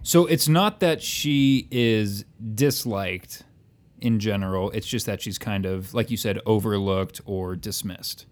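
A man's voice: lowish voice, measured pace. A man hosting a casual podcast chat and asking the questions, with a wry, teasing way of talking. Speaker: podcast host.

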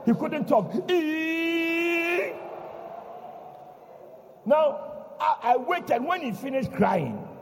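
A man preaching, telling a story dramatically and breaking into shouts. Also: very high voice, very animated, measured pace, vocal fry, big-room sound, slight background noise. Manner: dramatic, bursts into shouting, repeats a refrain. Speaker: pastor. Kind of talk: sermon storytelling. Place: church.

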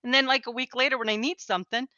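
A woman's voice: on the high side, fairly even intonation, racing, bright, forceful tone, no room sound, lo-fi sound. A woman co-hosting a podcast and running games as a game master, chatting casually in a self-deprecating way with frequent laughs. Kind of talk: casual chat.

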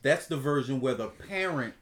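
A young man in casual podcast chat, teasing, with halting restarts. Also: medium pitch, animated, fairly bright tone, slight background noise.

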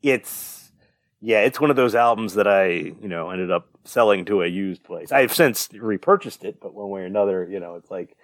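A man's voice: fairly low pitch, moderate pace, no echo. A young man, a podcast co-host, rambling through a casual story with lots of fillers and the odd swear. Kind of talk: casual chat.

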